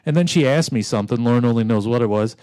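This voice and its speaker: A man's voice: mid-range voice, quick pace, warm tone, clear, resonant tone, dry recording. A man co-hosting a podcast in casual chat, telling stories and teasing with dry humor. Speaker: podcast co-host.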